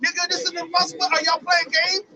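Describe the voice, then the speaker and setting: A man's voice: extremely high pitch, brisk, a crowd in the background, poor audio. A man voicing the old blind father Isaac in crude, profane street slang, rattled and indignant at being fooled.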